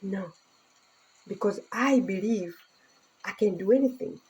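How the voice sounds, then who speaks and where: Middle-aged woman from Tanzania, earnest casual vlog to phone, mellow husky tone. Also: medium pitch, a little slow, rough recording. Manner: earnest, speaking broken English with laughter. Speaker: vlogger.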